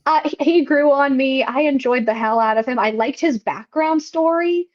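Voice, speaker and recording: Recapping a film on the podcast she co-hosts, a woman chats casually at a normal speed, often using fillers and restarting sentences. Her voice sits high, and the recording has its highs cut off.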